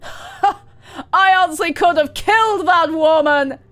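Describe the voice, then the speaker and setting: A woman voicing a chatty, clueless young man who rambles loudly and gleefully. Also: very high-pitched, slow pace, soft background music, pitched above the performer's own voice, heavily acted.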